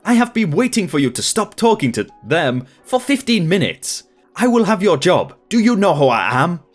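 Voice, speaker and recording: A man voicing a furious, entitled woman hotel guest with a Chinese accent, demanding and shouting. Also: high voice, very animated, normal speed, soft background music, pitched above the performer's own voice.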